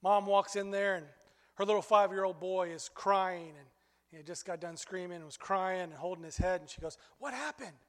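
A man preaching a sermon as pastor, telling stories in an animated way that climbs high when he gets excited. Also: moderate pace, in a large hall.

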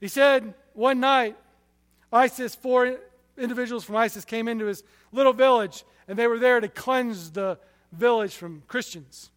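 A man preaching a sermon, telling stories with passion, his loudness rising and falling sharply. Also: very high voice, moderate pace, long reverb tail.

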